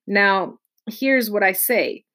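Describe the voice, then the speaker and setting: A woman voicing a gruff, scheming male pirate cook who talks in rough sailor's slang. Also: mid-range voice, lively intonation, takes it slowly, a bit bright. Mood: scornful. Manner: coaxing, rough sailor's talk.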